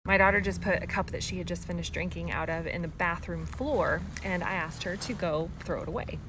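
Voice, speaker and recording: A mother telling a toddler story in an animated way, with sarcastic asides. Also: lowish voice, brisk. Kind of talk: storytelling vlog. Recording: clear background noise.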